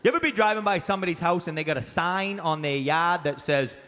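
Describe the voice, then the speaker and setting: High, bright-voiced Maine comic on stage. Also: male voice, quick pace. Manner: rowdy, profane storytelling with acted-out voices. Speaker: stand-up comedian. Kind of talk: stand-up comedy. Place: comedy club stage. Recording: live club set with echoing reverb and faint room noise.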